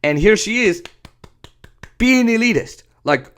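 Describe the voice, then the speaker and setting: A man's voice: a little high, sing-song, measured pace, pauses often, a bit bright. A man hosting a podcast, ranting sarcastically with profanity and laughter. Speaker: podcast host. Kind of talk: ranting commentary.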